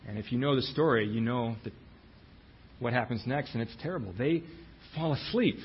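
A man's voice: mid-range voice, expressive, moderate pace, lo-fi sound, a little hiss or hum. A man preaching a sermon, retelling scripture in a storytelling manner and giving the quoted lines their own voices.

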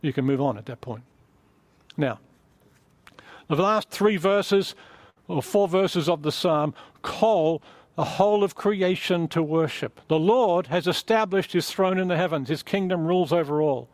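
A male preacher delivers an earnest, emphatic sermon, his voice sitting a little high for a man. He often restarts phrases as he teaches. The sound is dry and close, with no room echo. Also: measured pace, a little mellow. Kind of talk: sermon with closing prayer.

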